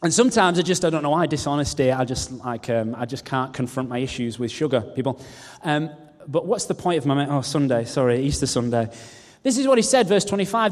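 Pastor preaching in a reverberant hall. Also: male voice, high-pitched, very animated, normal speed. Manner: humorous, self-mocking asides. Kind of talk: sermon. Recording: long reverb of a large hall.

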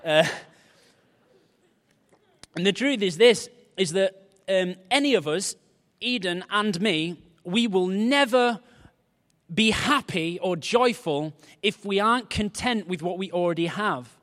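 A male pastor, preaching a sermon with animated, jokey storytelling. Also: high voice, slow, pauses often, long reverb tail.

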